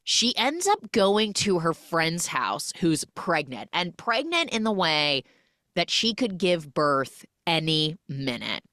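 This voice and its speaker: Her voice is lowish and slow, caught in a dry recording. Hosting a podcast, she chats through a film recap, acting out each character in lively storytelling fashion.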